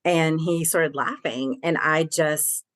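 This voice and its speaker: Middle-aged woman, low voice, talks frankly and swears casually, lots of ums. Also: fairly even intonation, slow pace, a bit bright. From Tennessee. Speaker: guest. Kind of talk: candid personal storytelling.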